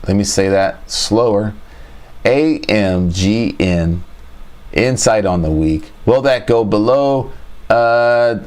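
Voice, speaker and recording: A man's voice: fairly low pitch, a little mellow. A man hosting a casual livestream chart review, thinking aloud, repeating his phrases and talking to his chat. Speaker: trading show host.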